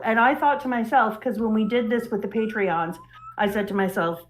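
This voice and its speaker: A woman co-hosting a livestream, recapping a comic in an animated, giggly way. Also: a little high, moderate pace, rough recording. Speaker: co-host. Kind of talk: casual livestream chat and recap.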